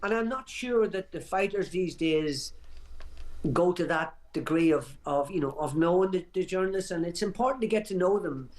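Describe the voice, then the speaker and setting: A man's voice: high-pitched, expressive, normal speed, a little mellow. Emphatic boxing pundit in his 60s. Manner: emphatic, reminiscing, restarts phrases often. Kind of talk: radio talk show chat.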